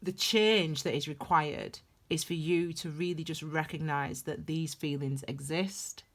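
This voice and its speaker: A woman's voice: low voice, fairly even intonation, measured pace. A young woman giving a tarot reading in a rambling, heartfelt, confessional way. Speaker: tarot reader. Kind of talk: casual tarot reading monologue.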